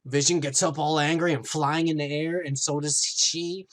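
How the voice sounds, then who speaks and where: A man's voice: a little high, fairly even intonation, moderate pace. A man hosting a podcast, animatedly retelling a TV episode with plenty of swearing and acted-out quotes. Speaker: podcast host. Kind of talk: casual recap chat.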